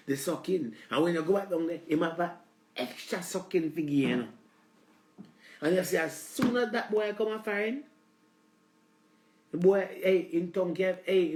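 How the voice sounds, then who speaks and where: Jamaican guy ranting on his live stream, preachy, slightly high voice. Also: reverberant. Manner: preachy, lecturing, repeats "let me tell you something". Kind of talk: rambling live-stream rant.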